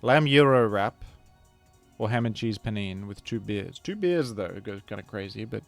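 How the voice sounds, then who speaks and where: A man's voice: lowish voice, animated, moderate pace, creaky, dry recording, faint music behind. A man giving casual, rambling gameplay commentary as a video creator, chatting to viewers and often correcting himself mid-sentence.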